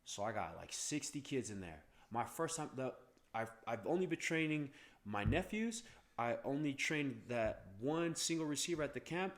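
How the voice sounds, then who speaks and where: A man in his thirties, a podcast guest, telling a story casually and animatedly, acting out other people's lines with frequent restarts. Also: mid-range voice. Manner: animated, acts out quoted voices, stammers on restarts.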